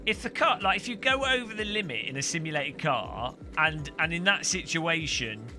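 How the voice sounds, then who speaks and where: A man's voice: on the high side, animated, normal speed. A man chatting casually with his live-stream viewers while sim racing, rambling and answering chat as he goes. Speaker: game streamer. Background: loud game music and car engine sounds.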